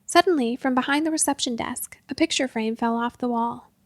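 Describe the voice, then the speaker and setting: Woman reading a storybook aloud, high voice, lots of vocal fry, dry close sound. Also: a little fast, no room sound. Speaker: narrator.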